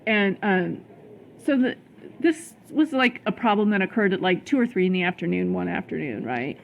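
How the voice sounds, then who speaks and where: A middle-aged woman tells a personal story on her vlog with emphatic heat, stumbling over restarts and fillers. Her voice has a gravelly edge. A faint noise sits under the recording. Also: medium pitch, animated, moderate pace, muffled recording. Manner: heated, emphatic, many fillers and repeated words. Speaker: vlogger.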